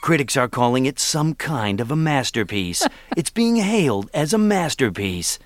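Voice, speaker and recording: A man's voice: mid-range voice, big pitch swings, normal speed, no room sound, close to an everyday voice. A man imitating a dramatic male movie trailer announcer whose voice drops at the end of every phrase.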